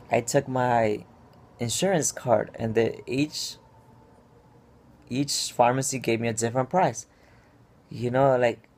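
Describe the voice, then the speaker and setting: A man's voice: medium pitch, darkish tone. A man telling a stressed personal story in a casual vlog, rambling with many fillers and restarts. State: stressed and upset. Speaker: vlogger.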